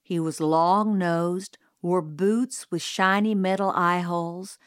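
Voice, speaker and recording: Slow, dry-voiced woman reading a story. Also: fairly low pitch, fairly even intonation, no echo. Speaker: audiobook reader. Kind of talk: scripted storybook narration.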